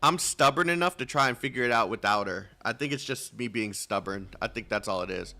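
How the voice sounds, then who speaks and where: Gravelly man rambling through game dialogue. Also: medium pitch, expressive, brisk, pushed and bright. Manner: rambling, self-mocking, stumbles over names. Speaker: streamer playing a game. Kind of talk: casual gameplay commentary, reading dialogue aloud.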